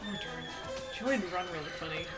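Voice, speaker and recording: A woman's voice: fairly low pitch, animated, quick pace, music in the background. A woman co-hosting a casual movie-watching chat, talking in a chatty, rambling way and giggling often. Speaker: co-host.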